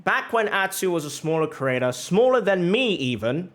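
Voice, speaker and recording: A man's voice: high voice, very animated, normal speed, fairly bright tone. A male streamer giving a heated, profane reaction rant on stream, repeating phrases for emphasis.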